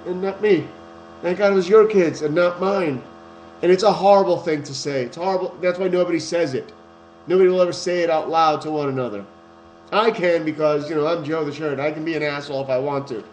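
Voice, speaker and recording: A man's voice: high-pitched, darkish tone. A man hosting his own podcast, talking in a blunt, rambling, casual monologue and swearing freely. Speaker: podcast host. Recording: echoey room with faint hum.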